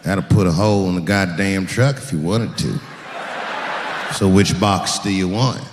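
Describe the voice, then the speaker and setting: A man doing a drawling country gun-counter clerk who talks slow and low, far deeper than his normal voice. The lines ring out through a big reverberant hall, with faint noise underneath. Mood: matter-of-fact. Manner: deep unhurried drawl.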